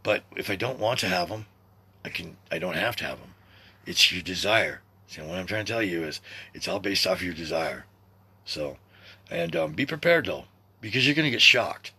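A man in his sixties hosting a podcast, talking in a rambling, profane, animated monologue. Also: sits low, moderate pace, vocal fry, slightly rough. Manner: rambling and profane, with excited swings in loudness. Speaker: podcast host.

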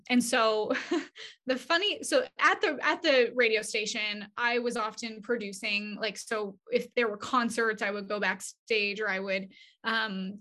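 A woman being interviewed, telling stories in a casual, animated way and acting out quoted dialogue. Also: medium pitch. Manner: many fillers and restarts, chatty. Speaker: agency CEO, interview guest. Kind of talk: casual conversational storytelling.

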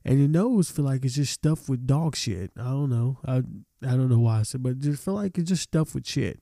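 In a studio-quality recording with no echo, a young adult man speaks at normal speed in a mid-range, creaky, mellow voice. Hosting his podcast by himself, he rants casually, swears constantly and sounds exasperated and rambling, his nose stuffed from allergies.

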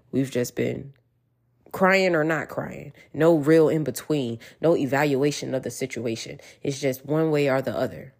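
A woman's voice: extremely low pitch, creaky, darkish tone. A woman giving an earnest, encouraging motivational talk straight to her listeners, repeating reassurances as she goes. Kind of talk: casual motivational monologue.

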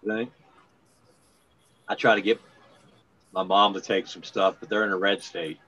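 A low-voiced man from Maryland rambles through casual chat, halting and restarting as he goes. His voice comes through muffled and lo-fi. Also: steady tone, sharp tone, husky. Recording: muffled lo-fi sound.

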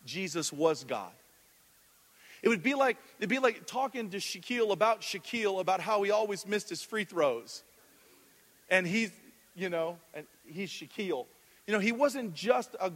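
A man preaching as pastor, telling stories and quizzing the congregation, often restarting his sentences. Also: sits high. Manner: storytelling with audience questions, frequent restarts. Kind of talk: sermon. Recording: long hall reverb.

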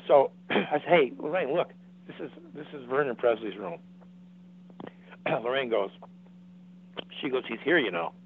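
A man's voice: medium pitch, expressive, unhurried, long pauses, husky. A man in his seventies, a guest telling long rambling stories with lots of restarts and acted-out quotes. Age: 70s. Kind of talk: casual storytelling. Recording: dry tinny phone-like line.

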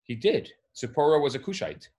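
A man's voice: fairly high pitch, very animated, fairly quick, a little mellow, slight background noise. A man chatting casually as co-host, chiming in with short questions and jokes. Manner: brief interjections and questions, joking. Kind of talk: casual chat.

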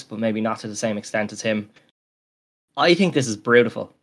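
A man co-hosting a podcast, talking in a rambling, enthusiastic way with many fillers. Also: medium pitch. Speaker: podcast co-host. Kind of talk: casual chat.

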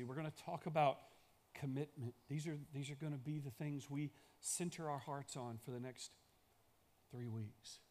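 A man's voice: medium pitch, darkish tone. A male pastor delivering a sermon in a church, building emphasis through repeated phrases.

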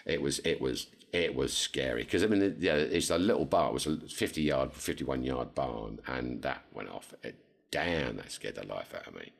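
A very deep-voiced man tells a rambling story on a casual podcast. He is animated and jumps sharply higher whenever he quotes someone. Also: normal speed, vocal fry. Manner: animated, jumps to high pitch when quoting others. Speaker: podcast co-host.

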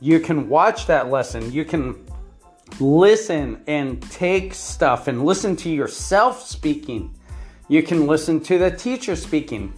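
Slow, earnest online English teacher. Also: medium pitch, lively intonation, faint music behind. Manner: enthusiastic, repeats "right?" and lists points by number. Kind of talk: talking-head advice to learners.

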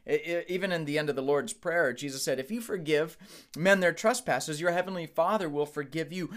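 Candid man preaching a sermon. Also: a little high. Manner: candid, conversational preaching with restarts. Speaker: pastor.

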